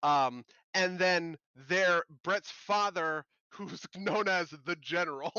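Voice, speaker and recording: A man's voice: high voice, takes it slowly, bright, forceful tone, clear, resonant tone, no room sound, muffled recording. A man co-hosting a podcast in casual chat, rambling and laughing as he mock-quotes TV shows. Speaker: podcast co-host.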